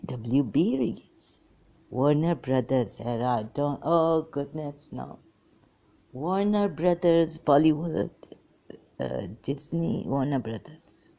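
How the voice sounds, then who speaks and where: A woman's voice: low voice, expressive, takes it slowly, gravelly, dark tone. A woman, talking in a scattered, exasperated vlog monologue that jumps between topics. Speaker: ex-Muslim vlogger. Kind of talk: rambling monologue to camera.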